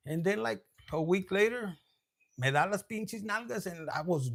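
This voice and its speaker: A man's voice: on the high side, animated, moderate pace, vocal fry. A man giving a casual tarot reading, loose and profane, dropping Spanish slang and laughing often. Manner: laughs often, switches between loud and hushed. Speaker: tarot reader.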